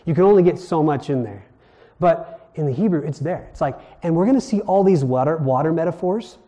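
A man's voice: a little high, animated, a little fast, warm tone. A man from Hawaii teaching a sermon in a conversational way, asking his listeners questions as he explains. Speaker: preacher.

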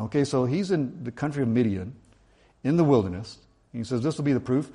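A middle-aged man preaching to his congregation, his voice sitting at an ordinary pitch. He reads the verses aloud and then talks them through in an easygoing, explanatory way. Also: lively intonation, fairly quick, dark tone, slightly rough. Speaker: pastor. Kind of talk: sermon.

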